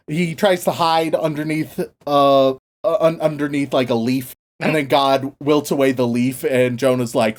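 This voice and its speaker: A man co-hosting a podcast, casually retelling a story with lots of swearing and quick acted-out asides. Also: fairly high pitch. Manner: profane, playful, acts out characters in quick asides. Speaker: podcast co-host.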